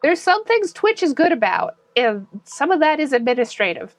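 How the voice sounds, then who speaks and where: A young woman livestreaming in a bright, high, put-on stream voice, swinging widely up and down as she chats and giggles with viewers. Her sound is close and dry, with faint music playing behind her. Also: very animated, moderate pace, dry recording. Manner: bubbly, giggly, chatty with viewers. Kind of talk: casual live-stream chat.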